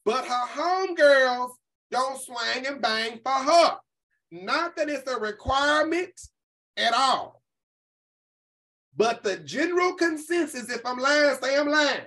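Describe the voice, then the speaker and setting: A woman hosting a casual commentary chat, talking in an animated, profane way and putting on other people's voices when she quotes them. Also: high voice, slow pace, low-quality recording. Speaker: host.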